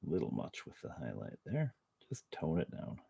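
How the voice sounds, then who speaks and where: Deep-voiced man chatting while painting. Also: wildly swooping pitch, normal speed, vocal fry, warm tone, breathy edge. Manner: rambling and self-mocking, jokey asides. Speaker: miniature painter and channel host. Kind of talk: casual chat while painting. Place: at home.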